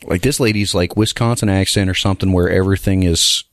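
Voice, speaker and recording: Very deep-voiced, laid-back man. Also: steady tone, fast, no room sound, clean studio sound. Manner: laid-back, many yeahs and uhs, profane. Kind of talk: casual chat.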